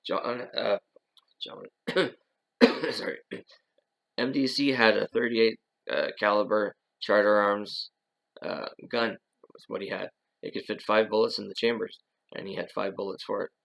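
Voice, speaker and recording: Low gravelly dude rambling on his own, lots of uh and you know, keeps restarting sentences. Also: steady tone, unhurried, long pauses, a bit bright, rough recording. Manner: rambling, full of fillers and restarts. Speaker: channel host. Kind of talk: casual monologue.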